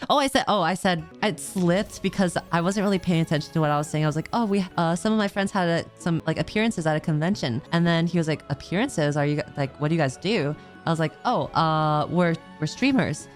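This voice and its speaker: Woman, streamer, casual rambling chat, lots of giggles, slightly low voice. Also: fairly quick, hardly any pauses, soft background music. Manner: rambling, giggly, heavy use of "like".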